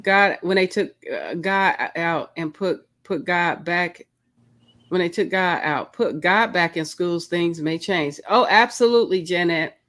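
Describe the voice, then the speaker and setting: A middle-aged woman with a Southern American accent chats on her live crafting stream, reading comments out and reacting with quick exclamations. Her voice sits a little low for a woman. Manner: animated, reads out chat comments, exclaims often.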